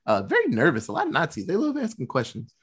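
A man hosting a podcast, casually recapping a film with lots of fillers and quick asides. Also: on the high side, huge pitch swings, husky. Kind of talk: casual movie recap chat.

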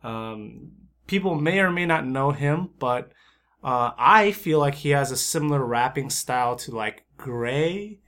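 A man's voice: mid-range voice, lively intonation, unhurried, a bit bright. A man co-hosting a casual music review chat, easygoing and hesitant, often searching for words. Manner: easygoing, hesitant, lots of fillers. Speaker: co-host reviewing music videos.

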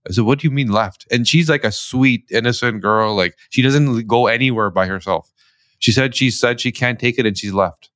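A man from Canada, a guest, telling a family story in lively conversational style with quoted dialogue. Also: medium pitch, fairly quick, no room sound, studio quality. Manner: animated, tells stories with quoted dialogue. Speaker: guest, company founder.

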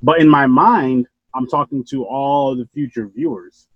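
A man hosting a podcast, chatting casually and rambling with animated bursts and casual swearing. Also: mid-range voice, unhurried, breathy edge, dry recording, highs cut off. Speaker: podcast host.

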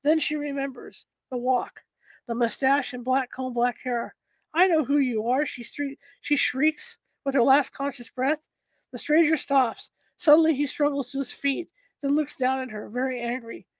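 A woman narrating a story aloud in a measured, steady way. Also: sits high, no echo, rough recording.

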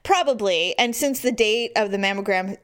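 A middle-aged woman in casual chat, a blunt, animated storyteller who swears freely and acts out other people's voices. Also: medium pitch, moderate pace.

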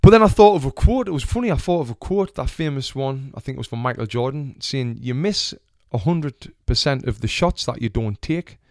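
Fairly quick and barely pausing, a young Sunderland-accented Englishman and retired boxer chats through a story, swearing freely and voicing its characters. His tone is darkish at medium pitch with lively intonation, in a dry, studio-quality recording.

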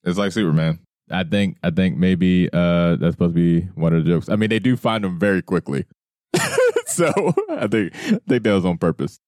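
Man, podcast co-host, joking, acts out scenes, lively swinging pitch, dry close sound. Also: normal speed, no echo. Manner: joking, riffs by acting out scenes. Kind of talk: casual movie-recap chat.

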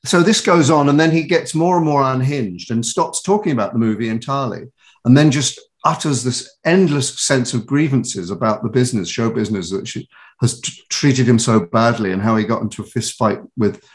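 A man's voice: medium pitch, brisk. A British man from England, a voice actor and author, telling stories in a casual interview with many restarts and laughs.

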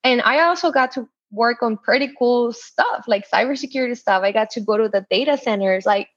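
Woman in her twenties, from El Paso, interview guest. Lively storyteller, slightly high voice, dull dry sound. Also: brisk, dry recording. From El Paso, Texas. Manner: animated, acts out voices in her story, laughs often.

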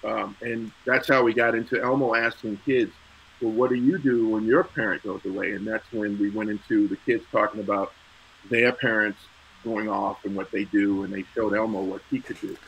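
A man's voice: on the low side, fairly even intonation, normal speed, creaky, slightly rough, lo-fi sound. A middle-aged man, a guest, telling stories in casual chat, getting emotional and laughing, with many restarts and repeated words.

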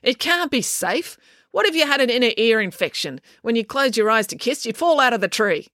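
Fussy, anxious boy for a storybook read by a woman; higher voice, fretting in a dry, close sound. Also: expressive, moderate pace, fairly bright tone, no echo, close to an everyday voice. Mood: indignant.

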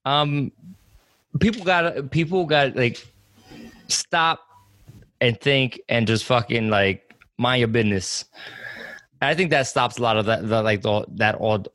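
A man's voice: mid-range voice, measured pace, pauses often, fairly bright tone, dry recording. A man co-hosting a podcast in casual chat, blunt and swearing freely. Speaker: podcast co-host.

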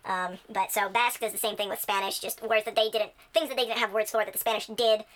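A woman's voice: medium pitch, steady tone, fast, fairly bright tone. A young woman chatting casually as a channel host, enthusiastic and rambling with many fillers. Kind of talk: casual chat.

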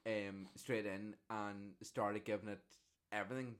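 A man's voice: fairly low pitch, moderate pace. Teasing, mock-formal podcast co-host man. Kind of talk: casual chat.

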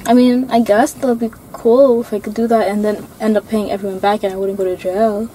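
A woman's voice: mid-range voice, flat delivery, a little fast, mellow, a little hiss or hum, poor audio. A young woman chatting casually, rambling with lots of fillers and laughs. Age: young adult. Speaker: co-host. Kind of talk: casual chat.

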